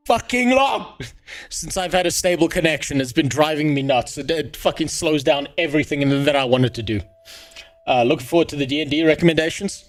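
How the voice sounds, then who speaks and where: A man livestreaming who greets his chat and rants angrily, swearing constantly. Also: fairly high pitch. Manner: angry profane ranting. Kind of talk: casual live-stream chat.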